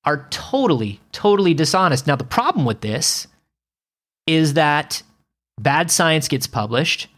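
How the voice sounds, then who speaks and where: A man's voice: a little high, sing-song, unhurried, a bit bright. A man co-hosting a podcast in casual comedic chat, sarcastic and swearing casually. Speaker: podcast co-host.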